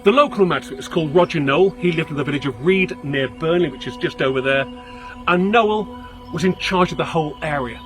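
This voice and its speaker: Guy telling a spooky local tale outdoors, dramatic, goes quiet then loud, bit of music under it. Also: on the high side. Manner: theatrical, shifts between hushed and loud. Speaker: local history guide. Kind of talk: dramatic storytelling. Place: outdoors on location.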